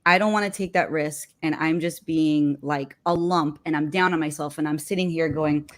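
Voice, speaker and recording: A woman with a voice a little lower than most talks through a casual live discussion as co-host. She is animated and peppers her sentences with "like". Her delivery is loose and conversational. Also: moderate pace, hardly any pauses. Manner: animated, frequent "like" fillers.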